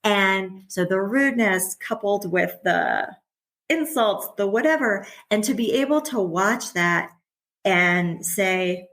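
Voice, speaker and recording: A woman's voice: medium pitch, expressive, slow, fairly bright tone. Middle-aged woman guest on a podcast, chatty and candid, laughs a lot mid-sentence. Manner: chatty and candid, laughs often while talking. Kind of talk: casual conversational interview.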